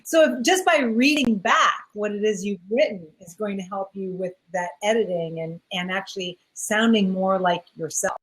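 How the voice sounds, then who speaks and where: A woman's voice: medium pitch, moderate pace, hardly any pauses, poor audio. A woman hosting a podcast interview, encouraging and affirming her guest. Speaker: podcast host.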